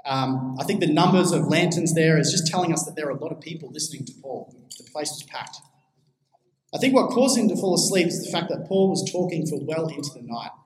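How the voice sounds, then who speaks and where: A man's voice: fairly high pitch, darkish tone. A man preaching a sermon to a congregation, reading scripture aloud and putting questions to the listeners. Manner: asks the congregation questions and answers them. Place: church hall. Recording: echoey hall, faint noise.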